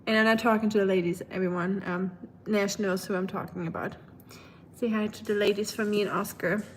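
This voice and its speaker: A woman live streamer chatting casually with her viewers, rambling with lots of fillers and quick laughs. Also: medium pitch, steady tone, a little hiss or hum. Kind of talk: casual chat reading viewer comments.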